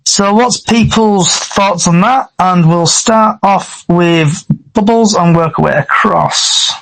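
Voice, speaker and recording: A man's voice: high-pitched, takes it slowly, creaky, fairly bright tone, poor audio. A man hosting a casual fan podcast, reading out news items and then asking each panelist for their view. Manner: reads club news aloud, then polls the panel. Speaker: podcast host.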